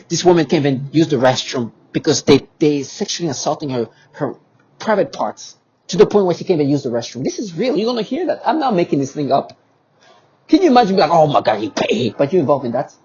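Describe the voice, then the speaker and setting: A man with a somewhat high, husky voice delivers an agitated monologue to camera. His pitch swings widely as he presses his points with repetitive rhetorical questions. The audio is dull and lo-fi. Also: sing-song, fairly quick, darkish tone. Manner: emphatic and repetitive, with many restarts and rhetorical questions. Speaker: vlogger.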